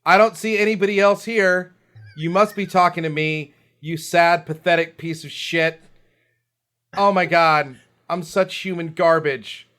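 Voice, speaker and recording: A man on a comedy podcast playing a pathetic, self-loathing version of himself in a blue shirt, with a whiny, shouty delivery. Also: fairly high pitch, steady tone, a little slow.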